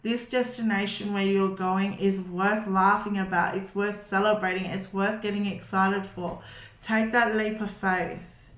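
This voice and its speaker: Reassuring woman tarot reader, mid-pitched voice, echoey room. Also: steady tone, a little slow. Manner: reassuring, repeats "okay?". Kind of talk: encouraging tarot reading to viewers.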